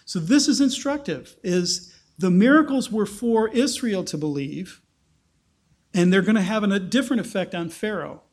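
Male preacher, higher register, conversational sermon delivery. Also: animated, moderate pace, darkish tone. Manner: conversational, explanatory, acts out quotes. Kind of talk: sermon, Bible teaching.

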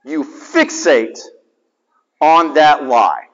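A middle-aged man, a chaplain, preaching a conversational sermon that swings between lively emphasis and hushed asides. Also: on the high side, extremely slow, creaky. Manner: animated, conversational preaching with sudden drops to a hushed voice. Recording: dull, slightly lo-fi sound with long hall reverb.

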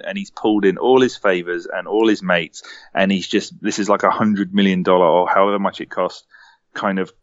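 A man with a lowish voice rants about a film in a casual chat, exasperated and sweary. The recording sounds dry and a little dull. He keeps pushing his complaints forward. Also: fairly even intonation, fast talker, dry recording. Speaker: podcast co-host.

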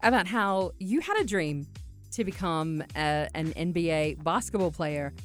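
A woman's voice: on the low side, lively intonation, measured pace, soft background music. A woman hosting a radio interview in the studio, reacting eagerly to her guest. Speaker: radio host.

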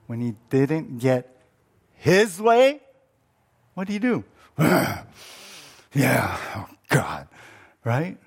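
A man's voice: on the high side, big pitch swings, takes it slowly, pauses often, darkish tone. A male pastor preaching a sermon in a conversational way, often asking listeners questions and repeating words.

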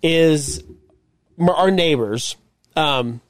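A man's voice: a little high, drawn-out words, dry recording, studio quality. A man co-hosting a podcast in a casual chat, wry and swearing often as he gripes. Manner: wry, swearing, laughs at stories. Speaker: podcast co-host.

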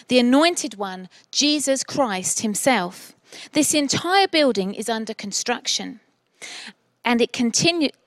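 Female preacher, high voice, earnest and encouraging, dry close recording. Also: no room sound. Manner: earnest, encouraging preaching with slow emphatic stresses. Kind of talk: sermon.

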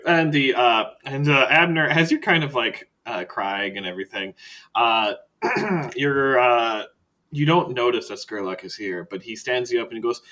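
A man's voice: medium pitch, expressive, moderate pace, pushed and bright, far from the mic. Rambling male game master. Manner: loose, rambling with many fillers. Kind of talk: narrating a tabletop game.

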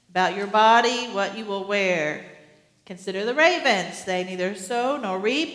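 A woman pastor preaching a sermon in an earnest way, with gentle humor. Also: mid-range voice, reverberant, long reverb tail.

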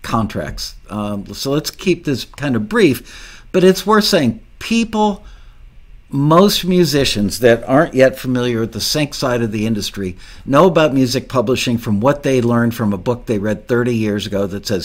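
A man's voice: medium pitch, expressive, normal speed. A man hosting an interview podcast, chatty and enthusiastic, with frequent restarts. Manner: enthusiastic, talkative, many restarts. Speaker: podcast host. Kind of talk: casual interview chat.

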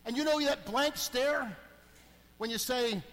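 A middle-aged deacon preaches a sermon in a church with a very high, unhurried voice. He's animated, swinging between hushed asides and emphatic calls, and the recording carries a long hall reverb.

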